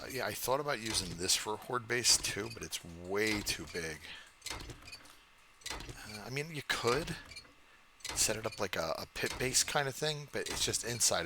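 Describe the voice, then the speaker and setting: A man in his fifties with a low, deep voice chats through a gaming session in a casual, profane ramble. He mocks his own bad jokes and drifts off-topic easily. The recording carries clear background noise and clicking. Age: 50s. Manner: rambling, profane, self-mocking humor. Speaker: gaming channel host. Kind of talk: casual let's-play commentary.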